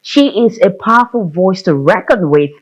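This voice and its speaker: A woman hosting a music talk show in a TV studio, lively and quick to laugh, with effusive welcomes. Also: mid-range voice. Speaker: TV show host.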